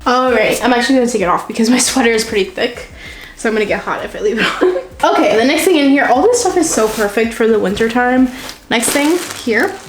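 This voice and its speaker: A woman's voice: on the high side, fast talker, soft background music. Gushing young woman in an echoey room. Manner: gushing, excitable, laughs often, says "oh my God" a lot. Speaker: vlogger unboxing a subscription box. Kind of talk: casual unboxing chat. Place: home room, seated on a chair.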